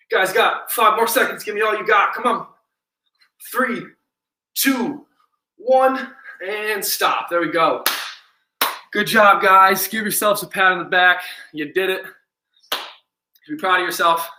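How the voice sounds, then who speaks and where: A man's voice: high-pitched, pushed and bright. Upbeat male fitness coach, echoey and distant. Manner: upbeat, encouraging, counts reps aloud. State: out of breath. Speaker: fitness instructor. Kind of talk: live-streamed workout class. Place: indoor room, home workout stream. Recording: echoey room, distant mic.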